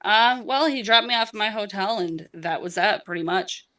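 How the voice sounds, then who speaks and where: A woman's voice: mid-range voice, normal speed, a bit bright, recorded from a distance. A woman being interviewed, recounting events in a rambling casual way with frequent restarts and swearing.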